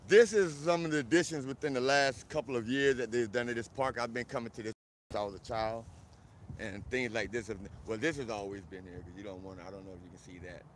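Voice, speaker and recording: A man from South Florida chatting casually on a live stream outdoors in a park, animated and greeting viewers by name. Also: medium pitch, fast talker, slight background noise.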